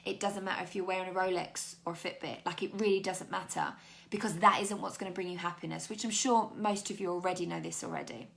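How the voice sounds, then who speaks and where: A woman's voice: lowish voice, steady tone, fast talker, creaky, fairly bright tone. A young British woman, a life coach, talking candidly and chattily to her viewers in a motivational video. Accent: British English. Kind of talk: motivational talk to camera.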